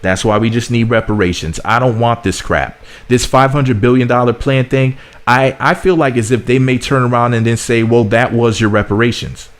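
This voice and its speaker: A man's voice: mid-range voice, moderate pace, hardly any pauses. A man from the United States delivering blunt, sarcastic political commentary as a vlog host, often repeating himself. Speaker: commentary vlogger.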